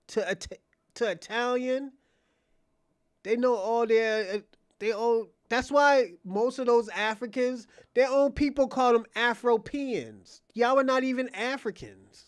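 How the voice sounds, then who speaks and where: In clean studio sound with a dry recording, a livestream host with a very high voice mocks and provokes his chat. His rant is profane and repetitive, and he often starts phrases over.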